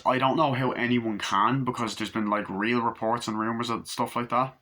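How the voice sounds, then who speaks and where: A man's voice: medium pitch, fairly even intonation, normal speed, hardly any pauses, bright, forceful tone. A man giving a casual, rambling film review, enthusiastic and profane, full of fillers. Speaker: movie reviewer.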